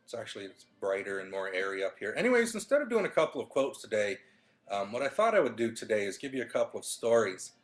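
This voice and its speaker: A man's voice: fairly low pitch, very animated, fast. A man talking casually into his webcam in his living room, telling a motivational story with plenty of fillers and restarts. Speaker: vlogger.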